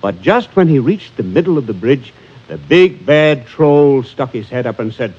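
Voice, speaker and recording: Lively sing-song male storyteller. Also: medium pitch, moderate pace, slightly rough. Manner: rhythmic, chanting, plays with sound words. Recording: lo-fi with music behind. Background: music.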